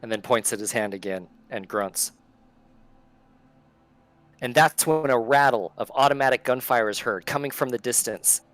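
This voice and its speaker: A man's voice: mid-range voice, normal speed, pauses often, fairly bright tone. Man narrating as game master. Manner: descriptive, scene-setting narration.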